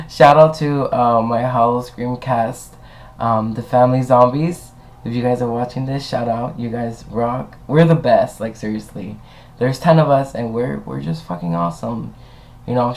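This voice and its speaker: A man's voice: medium pitch, a little mellow, poor audio. A young man talking casually to a webcam, rambling and swearing as he tells stories. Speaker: vlogger. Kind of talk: casual chat.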